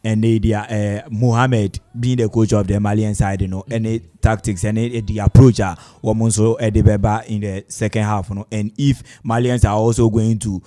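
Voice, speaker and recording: A man analysing a live football match on radio, talking steadily with frequent hesitations and soft laughs. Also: fairly low pitch, flat delivery, normal speed, few pauses.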